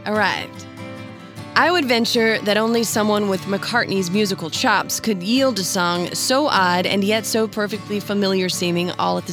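A woman hosting a radio music feature, reading scripted narration in a measured, explanatory storytelling manner. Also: mid-range voice, fairly bright tone. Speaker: radio host.

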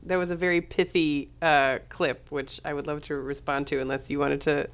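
A woman co-hosting a podcast who chats casually, laughs easily and acts out little quotes in lively voices. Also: low-pitched, normal speed, creaky, clear, resonant tone.

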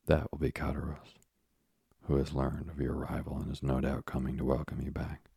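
A man voicing a frail, gentle old father. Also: extremely low pitch, little pitch movement, brisk, gravelly, breathy edge, no echo, clean studio sound, full character voice. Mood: gentle, weary.

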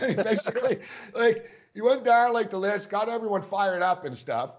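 A man's voice: high-pitched, animated, normal speed. A man co-hosting a casual sports podcast, telling a long rambling story and acting out quotes along the way. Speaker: podcast co-host.

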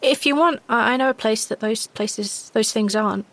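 A woman's voice: on the high side, normal speed, pitched above the performer's own voice, lightly acted, low-quality recording. A woman voicing an earnest, slightly nervous young survivor in a tabletop role-play.

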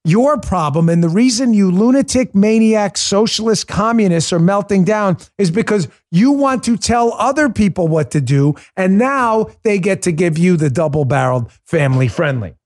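A man's voice: high voice, animated, moderate pace, hardly any pauses, a little mellow. A man hosting a political podcast, delivering a combative, mocking monologue.

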